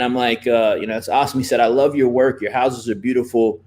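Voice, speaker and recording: A man's voice: mid-range voice, fairly even intonation, fairly quick, darkish tone, slight background noise. A man, a real estate investor, telling stories casually in a podcast interview, with "man" and "you know" in nearly every sentence. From Virginia.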